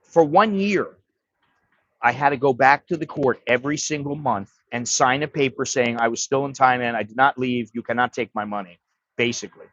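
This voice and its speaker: A man's voice: medium pitch, moderate pace, a bit bright, no room sound, dull audio. A man hosting a livestream, telling a story in a blunt, profane, casual way. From United States. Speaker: livestream host.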